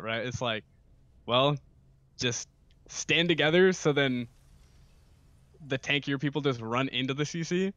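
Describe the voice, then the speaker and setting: A man's voice: medium pitch, unhurried, pauses often, fairly bright tone, dry recording, lo-fi sound. Casual male esports color commentator. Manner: casual, filler-heavy, laughs often. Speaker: esports co-caster.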